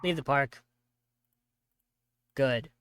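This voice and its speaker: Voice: mid-range voice, drawn-out words, fairly bright tone, faint music behind. A gamer narrating a text horror game, reading its lines aloud, skimming with sarcastic asides and mock outrage at the choices. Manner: sarcastic, skims text with "blah, blah"; reads choices then reacts with mock outrage. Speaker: video game player.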